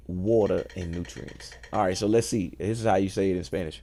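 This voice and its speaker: A man hosting a casual show, thinking aloud in a relaxed, playful way and enjoying wordplay. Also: sits low, a little fast, few pauses. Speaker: host. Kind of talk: casual musing talk.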